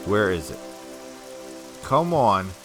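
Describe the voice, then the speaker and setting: A man with a somewhat low voice rambles through casual let's-play commentary, talking to himself and laughing often. Faint game music plays underneath. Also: big pitch swings, slow. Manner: chatty, rambling self-talk with frequent laughs. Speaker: gameplay commentator.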